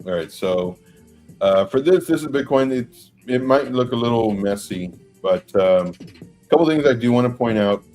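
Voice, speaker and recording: A man explaining a price chart on a livestream in a measured, hesitant way, with frequent fillers. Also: mid-range voice, lively intonation, darkish tone, soft background music. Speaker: crypto chart analyst co-host.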